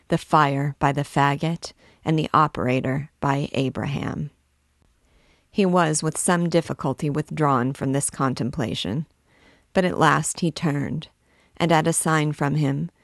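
A woman reading a classic novel aloud in a measured, dramatic way. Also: deep voice, creaky, no room sound, studio quality. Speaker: book reader and guide.

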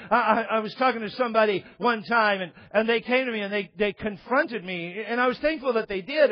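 High-voiced pastor preaching. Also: male voice. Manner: conversational preaching with humor and stammered restarts. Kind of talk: sermon. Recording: dull, lo-fi sermon recording.

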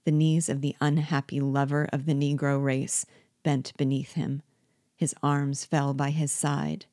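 Low-voiced woman reading an old novel aloud, steady n expressive, dry close mic. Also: dry recording. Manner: measured, expressive storytelling. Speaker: reader and teacher.

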